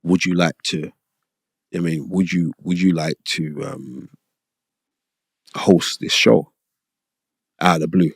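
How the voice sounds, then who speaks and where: A middle-aged man, telling stories as an interview guest in an animated, emphatic way and repeating phrases for stress. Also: low voice, slow pace, gravelly, pauses often, husky, dry recording, studio quality. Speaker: guest, boxing pundit and former TV host. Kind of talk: casual interview storytelling.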